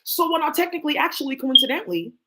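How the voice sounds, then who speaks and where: A woman hosting a tarot stream, talking in a blunt, profane, animated rant, often talking to herself. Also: sits high, rapid-fire. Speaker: tarot livestream host. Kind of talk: casual ranting monologue.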